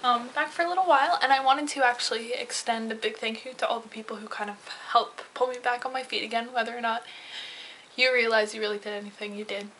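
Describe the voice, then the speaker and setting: A woman's voice: on the high side, steady tone, fast talker, fairly bright tone, a little hiss or hum, rough recording. A young woman talking in a casual confessional vlog, rambling and heated, with lots of fillers and swearing. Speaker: vlogger.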